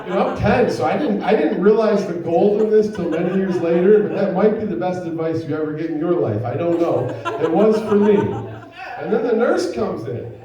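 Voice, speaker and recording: A man's voice: high voice, animated, moderate pace, very echoey, far from the mic, muffled recording, crowd noise. A man doing a stand-up comedy set, telling a rambling story full of fillers and crude punchlines. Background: audience laughter.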